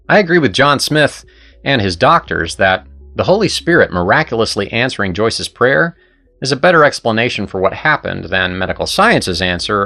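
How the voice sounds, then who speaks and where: A man's voice: mid-range voice, gravelly, bright, forceful tone. A man hosting and narrating a scripted story in an earnest, persuasive way. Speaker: host and narrator.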